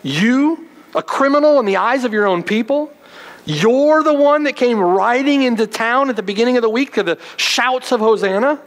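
A man's voice: very high-pitched, animated, moderate pace, pitched above the performer's own voice. A man voicing a scornful, sarcastic Roman governor within a sermon. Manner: sarcastic, incredulous.

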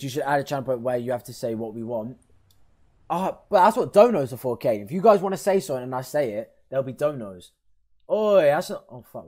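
A man, commenting excitably as he opens football game packs for his stream viewers and yelling at big pulls. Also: mid-range voice. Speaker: gaming streamer. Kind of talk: excitable pack-opening commentary.

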